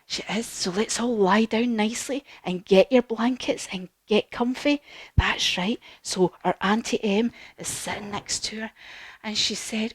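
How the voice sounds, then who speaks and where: Lively yoga teacher lady telling kids a story, cheering them on, dry close sound. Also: medium pitch, unhurried, slightly rough, no room sound. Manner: animated, encouraging, sing-song storytelling. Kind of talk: storytelling yoga lesson for children.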